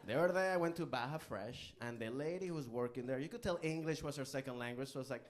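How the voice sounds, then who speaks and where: A man's voice: medium pitch, fast talker. A man from Venezuela with a Venezuelan Spanish accent, Spanish his first language, performing a stand-up comedy set on a club stage and acting out characters. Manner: animated, acts out characters in put-on voices.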